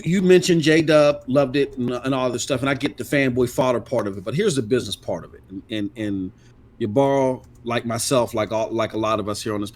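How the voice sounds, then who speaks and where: A middle-aged man co-hosting a casual gaming podcast, talking bluntly and emphatically and swearing freely. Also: mid-range voice. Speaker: podcast co-host.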